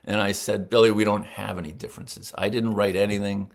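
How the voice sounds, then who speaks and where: Gravelly older man telling animated stories. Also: fairly low pitch, fairly quick. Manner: animated storyteller acting out quoted voices. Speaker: interview guest, sportswriter. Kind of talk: storytelling in a casual interview.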